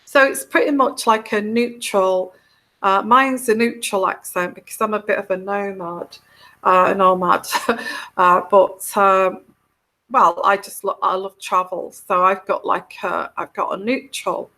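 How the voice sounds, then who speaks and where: A woman's voice: medium pitch, fairly even intonation, unhurried, bright, forceful tone. An English woman with a mixed northern and southern English accent, hosting a casual live chat as a tarot reader, soothing and meandering with many restarts. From England.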